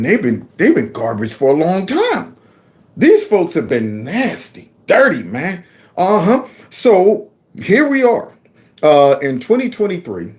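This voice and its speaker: Animated man reacting to clips. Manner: animated and mocking, with sudden high squeals and laughs. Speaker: channel host. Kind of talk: political commentary on video clips.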